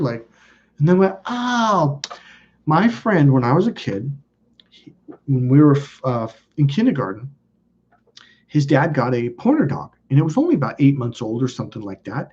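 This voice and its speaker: A man telling a rambling personal story in casual talk, acting out the people in it with sudden excited exclamations. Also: normal speed, husky. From California. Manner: animated, acts out quotes with sudden high exclamations. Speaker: channel host. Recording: dull lo-fi audio.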